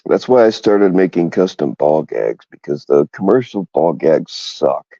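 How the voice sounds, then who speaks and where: A man's voice: sits low, lively intonation, a little slow, gravelly, mellow, dry recording, highs cut off. A man co-hosting a crude casual chat, rambling and frank, and he laughs often.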